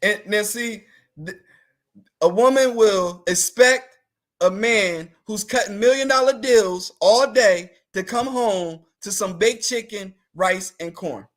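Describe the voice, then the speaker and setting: Guy with a high voice joking around on a talk show, teasing, laughs a lot. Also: takes it slowly, fairly bright tone. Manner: playful, teasing, laughs often. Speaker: talk show guest answering live comments. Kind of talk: casual comedic chat.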